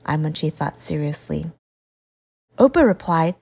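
A woman narrating a children's story in an expressive, sing-song storytelling manner. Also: low voice, moderate pace.

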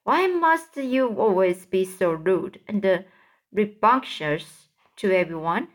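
Woman reader as a prim storybook earthworm, earnest, slow. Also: medium pitch, animated. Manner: scolding, then bright and earnest. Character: fussy, indignant earthworm.

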